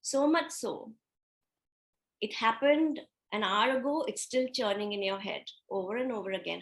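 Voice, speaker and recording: A woman's voice: medium pitch, moderate pace, fairly bright tone. A woman giving a reflective spiritual teaching talk, asking rhetorical questions, answering them herself, and acting out everyday scenarios.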